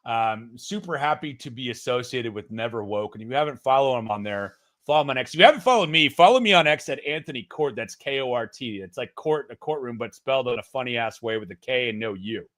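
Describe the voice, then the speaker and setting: A man hosting a casual live-stream news commentary, excitable, swearing and laughing as he talks. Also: medium pitch, fast talker, few pauses. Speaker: host of a political news stream. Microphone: streaming setup mic.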